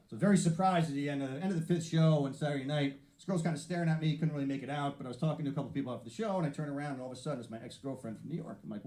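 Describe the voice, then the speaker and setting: Fast-talking brash comedian on stage. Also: male voice, medium pitch, mellow. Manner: brash, profane storytelling with acted-out voices. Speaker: stand-up comedian. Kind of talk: stand-up routine. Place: theater stage before a live audience. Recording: roomy live venue sound.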